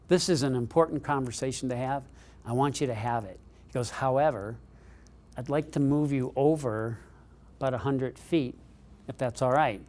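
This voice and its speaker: Giving a keynote, a middle-aged speaker tells a story with lively delivery, his voice climbing in pitch as his excitement builds.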